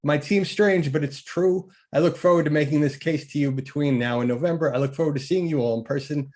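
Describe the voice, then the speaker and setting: Upbeat man giving a campaign pitch. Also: brisk, a little mellow. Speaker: local candidate. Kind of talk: short campaign pitch at an online meeting. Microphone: video call.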